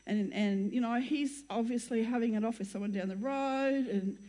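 An older woman speaks with a slightly high voice as she shares a personal testimony with a gathering. She rambles and keeps interrupting herself with chatty asides and laughs. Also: moderate pace, dark tone. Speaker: church speaker sharing her testimony. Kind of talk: chatty personal storytelling to an audience.

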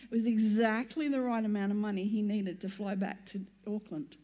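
A woman's voice: medium pitch, fairly even intonation, normal speed, mellow. An older woman telling her life story as a church testimony, chatty and rambling, often breaking off mid-sentence and laughing. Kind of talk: chatty personal storytelling to an audience.

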